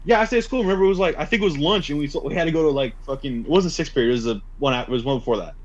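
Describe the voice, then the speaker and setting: A young man co-hosting a podcast, telling stories in a casual, profane, animated way. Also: fairly high pitch. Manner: rapid, profane, animated storytelling. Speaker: podcast co-host. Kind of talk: casual storytelling chat. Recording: dull lo-fi sound.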